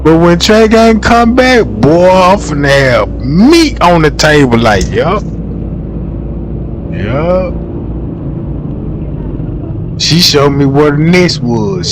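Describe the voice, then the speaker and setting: A man's voice: a little high, very animated. A man hosting a livestream, reacting with lots of laughter and slangy commentary. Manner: slangy, laughs often, acts out quick bits. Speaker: livestream host.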